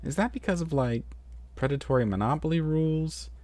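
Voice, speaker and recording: A man voicing a bubbly, excitable young female pony who rambles in a high, giddy voice in a storybook reading. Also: fairly quick, no echo, close to an everyday voice.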